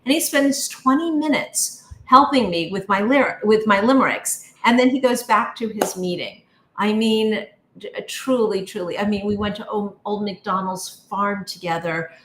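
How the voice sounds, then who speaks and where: A woman's voice: mid-range voice, moderate pace, a bit bright, slight background noise. A woman who is a guest on a talk show, fondly reminiscing in casual chat. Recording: echoey room.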